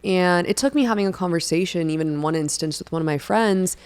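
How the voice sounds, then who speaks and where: A young woman shares her faith in a relaxed podcast chat. Her voice sits a touch low, but she tells stories with lively energy and acts out what other people said. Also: fast, clean tone. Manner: animated storyteller who acts out friends' lines. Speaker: podcast co-host.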